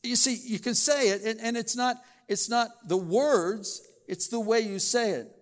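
A man preaching a sermon in church, folksy, acting out little everyday scenes in quick voices. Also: very high-pitched. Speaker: pastor.

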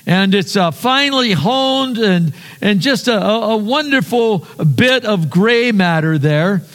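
A man voicing a fast-talking male doctor who sells brains with pushy sales patter, in a long reverberant hall. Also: sits high, lively intonation. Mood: salesy. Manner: pushy sales patter, drops to a hush for secrets.

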